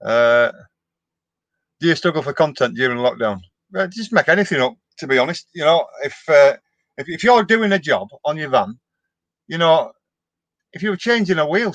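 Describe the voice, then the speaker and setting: A man's voice: fairly high pitch, fairly bright tone, no echo. A middle-aged man, chatting casually on a live stream as he answers viewer comments, with a down-to-earth manner and frequent restarts. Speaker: vlogger hosting a live stream.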